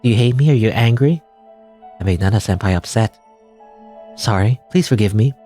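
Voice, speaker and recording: A man's voice: on the low side, normal speed, dark tone, soft background music, close to an everyday voice. A man voicing a clingy, obsessive young female student who stalks her senior, in an anxious, pleading manner.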